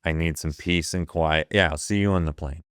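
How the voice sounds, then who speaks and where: Deep-voiced man in his fifties, swearing storyteller. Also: fairly even intonation, normal speed, fairly bright tone, clear, resonant tone, no room sound, studio quality. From Ohio. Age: 50s. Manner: profane, vivid retelling that acts out the quoted dialogue. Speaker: guest, photographer. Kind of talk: casual storytelling.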